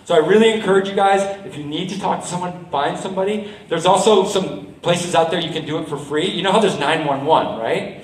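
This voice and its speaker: A high-voiced man addresses a school assembly with an animated, motivational delivery. He keeps checking in with the crowd through quick asides. His voice rings through a large, echoey hall, picked up from some distance away. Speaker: school assembly speaker and juggler. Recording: roomy hall, mic from a distance.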